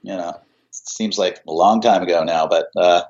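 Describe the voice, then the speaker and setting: A man's voice: low-pitched, normal speed, a little mellow. A middle-aged man, a musician, telling rambling stories in a casual interview, full of fillers and restarts. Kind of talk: casual anecdotal storytelling. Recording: dull lo-fi audio.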